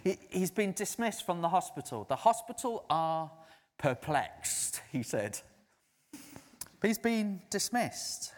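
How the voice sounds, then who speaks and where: A man's voice: high-pitched, very animated, slow. A man preaching a sermon, telling a story and acting out others' words in a raised voice. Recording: long hall reverb.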